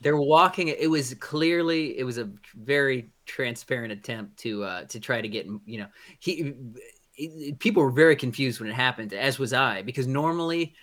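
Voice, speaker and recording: A man's voice: medium pitch, moderate pace, a bit bright. A man co-hosting a podcast, chatting casually, rambling with many restarts and a blunt edge. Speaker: podcast co-host. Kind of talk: casual chat.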